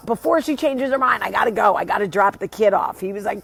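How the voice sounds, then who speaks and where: A woman's voice: medium pitch, quick pace, creaky, few pauses, slightly rough, no echo, faint music behind. A woman in her thirties or forties with a New Jersey accent, casually telling a story on her vlog, acting out the people she quotes. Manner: animated, acts out quotes, swears casually. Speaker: vlogger, show host.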